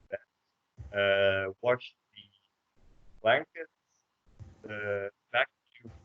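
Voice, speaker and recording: A Dutch man teaching a language class online, explaining slowly with many hesitations. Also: fairly low pitch, smooth. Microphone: computer microphone on a video call. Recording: dull lo-fi call audio.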